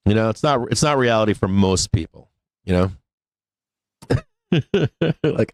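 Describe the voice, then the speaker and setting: A man's voice: low voice, normal speed, clear, resonant tone, no echo. Profane, laughing male stock stream host. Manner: profane, laughs often, rants. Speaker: stock market livestream host. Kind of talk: casual profane livestream chat.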